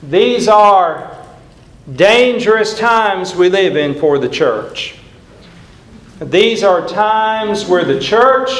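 Earnest older male preacher, echoey church. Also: high voice. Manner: earnest, emphatic, repeats key phrases. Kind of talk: sermon. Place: church sanctuary.

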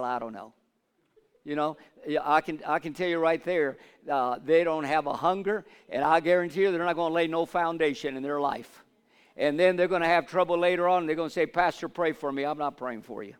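Fervent high-voiced preacher in a hall. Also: male voice, clear, resonant tone. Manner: repetitive call-and-response, asks for amens; builds to loud fervent declarations. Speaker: pastor. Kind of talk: sermon. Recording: long hall reverb.

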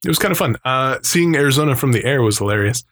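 A man's voice: medium pitch, expressive, fast talker, a bit bright, a little hiss or hum. Chatty man telling a rambling story. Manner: rambling storyteller who acts out quoted voices; laughs often between remarks. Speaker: podcast co-host. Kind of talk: casual chat.

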